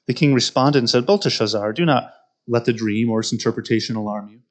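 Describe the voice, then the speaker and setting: A man's voice: mid-range voice, fast. A man preaching a sermon who reads scripture aloud and then explains it directly to his listeners, often repeating words as he goes. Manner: repeats words and restarts mid-phrase.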